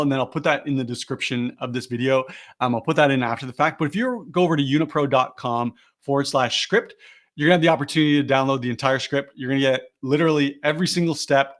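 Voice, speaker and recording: A man's voice: medium pitch, a bit bright. A man leading a live online sales lesson on a video call, explaining each step and then acting out the phrasing he recommends. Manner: explains steps, then models the lines he teaches.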